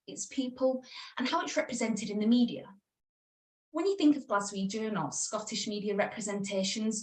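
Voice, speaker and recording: A woman student presenting her research in a timed talk, with a polished, clear and deliberate delivery. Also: mid-range voice. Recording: echoey room audio.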